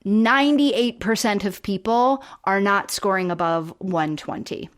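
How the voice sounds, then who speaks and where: A woman's voice: mid-range voice, measured pace. A woman co-hosting a sitcom podcast, explaining things in a casual, chatty way with plenty of fillers and restarts. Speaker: podcast co-host. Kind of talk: casual chat.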